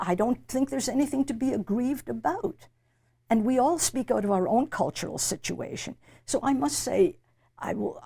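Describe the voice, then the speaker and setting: A woman's voice: mid-range voice, gravelly, mellow, slightly rough. An older woman being interviewed, speaking emphatically and reflectively and often repeating words as she searches for a phrase. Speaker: interviewee, literature professor. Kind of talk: reflective conversation.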